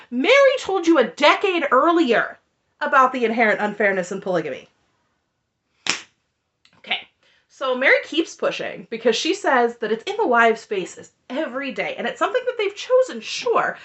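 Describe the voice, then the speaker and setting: A woman's voice: high voice, sing-song, moderate pace, fairly bright tone, lo-fi sound. A woman recapping a reality show in casual commentary, sarcastic and exasperated. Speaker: recap vlogger.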